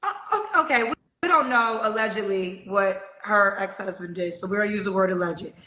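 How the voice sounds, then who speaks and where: A woman's voice: mid-range voice, fairly quick, pushed and bright, roomy sound. A woman interviewing a guest on a talk show, probing with matter-of-fact questions.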